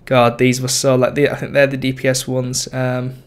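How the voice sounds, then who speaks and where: A young man chats casually about his game character. His voice sits at an ordinary middle pitch. He rambles, trails off, and corrects himself as he goes. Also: completely flat delivery, normal speed, clear, resonant tone. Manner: rambling, lots of ums and self-corrections. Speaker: gaming YouTuber. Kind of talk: casual gameplay commentary.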